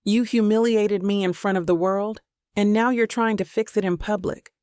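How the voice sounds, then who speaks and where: A woman voicing a sharp-tongued young woman romance author with a Southern accent, snapping sarcastic retorts. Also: mid-range voice, steady tone, moderate pace, no room sound, studio quality, close to an everyday voice. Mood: angry.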